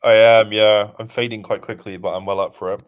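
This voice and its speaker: A man's voice: lowish voice, little pitch movement, a little fast, clear, resonant tone. A man co-hosting a casual livestream chat, laid-back and agreeable. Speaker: co-host.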